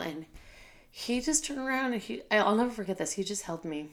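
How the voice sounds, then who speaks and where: A woman's voice: mid-range voice, expressive, a little fast. A woman who works as a school teacher and leader, telling a personal story in a candid, heartfelt way with many fillers.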